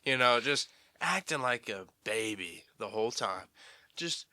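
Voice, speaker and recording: Male sports podcast co-host, smooth and bright, animated and mocking, dry close sound. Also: medium pitch, a little slow, no echo. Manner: animated, mocking, builds to excited outbursts. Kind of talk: casual sports chat.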